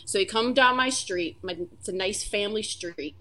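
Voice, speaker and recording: A woman's voice: medium pitch, normal speed, pushed and bright. A woman on a podcast telling casual stories, laughing as she goes and swearing freely. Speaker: podcast guest. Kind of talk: casual storytelling chat.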